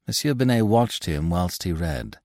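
Man, very low voice, lively intonation, measured storytelling, podcast novel reading. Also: no room sound, clean studio sound. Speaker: podcast reader. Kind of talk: scripted narration of a classic novel.

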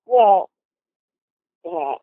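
An older woman, a guest in an interview, tells lively anecdotes and often restarts her sentences. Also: lowish voice, drawn-out words, no room sound. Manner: animated anecdotes with many restarts. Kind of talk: storytelling interview. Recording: tinny phone line.

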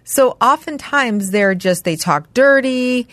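A woman's voice: a little high, takes it slowly, no room sound. A woman in her fifties co-hosting a podcast, chatting casually and acting out family dialogue as she tells stories. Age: 50s. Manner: animated storyteller, acts out family dialogue. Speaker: podcast co-host. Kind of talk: casual chat.

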